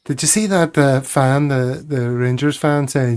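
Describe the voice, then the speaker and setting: Smooth-voiced man hosting. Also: medium pitch, steady tone, a little slow, few pauses, a little mellow. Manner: jokey and chatty, laughs at his own jokes. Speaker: podcast host. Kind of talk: casual chat.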